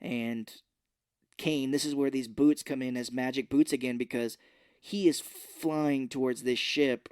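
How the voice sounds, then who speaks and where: A man's voice: mid-range voice, steady tone, a little mellow, dry recording, clean studio sound. A man co-hosting a podcast, loosely and profanely recapping a movie's plot in casual chat. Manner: loose, profane retelling with quick acted quotes. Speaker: podcast co-host.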